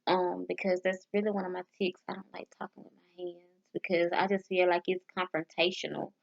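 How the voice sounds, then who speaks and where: A woman vlogging casually as she practices foreign phrases, sounding them out haltingly with restarts and nervous, self-deprecating asides. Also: on the low side, little pitch movement, creaky. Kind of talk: casual language practice vlog. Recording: dull lo-fi sound.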